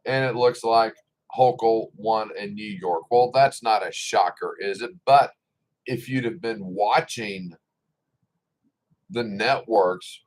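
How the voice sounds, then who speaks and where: A man's voice: lowish voice, slow pace, low-quality recording. A middle-aged man giving a casual opinion monologue, blunt and indignant, with sarcasm and swearing. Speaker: political commentator.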